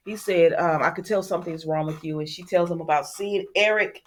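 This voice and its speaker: A woman hosting a casual recap channel, retelling a soap episode in an animated, chatty way, talking straight to her viewers and acting out the characters' lines. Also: on the low side, brisk, slight background noise. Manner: animated storytelling, talks straight to viewers, acts out quotes. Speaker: soap opera recap host.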